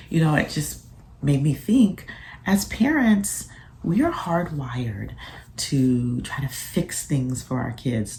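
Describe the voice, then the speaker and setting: Very low, gravelly-voiced woman vlogging. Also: a little hiss or hum. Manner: soft-spoken and thoughtful, with frequent pauses. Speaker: physician and mother sharing parenting reflections. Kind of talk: casual reflective vlog.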